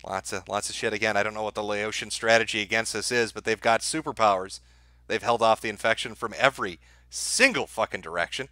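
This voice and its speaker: A man hosts a live stream and addresses his chat directly in a sarcastic, crude, profanity-laced commentary. His voice is forceful and bright at a middling pitch. The recording is dry, with no room sound around him. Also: fairly quick, no echo.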